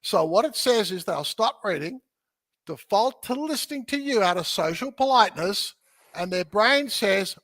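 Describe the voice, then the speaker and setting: A man talking as a podcast guest who teaches real estate, energetic and jokey, often checking in with "okay?" as he explains. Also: high voice, moderate pace, no echo. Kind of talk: animated teaching in conversation.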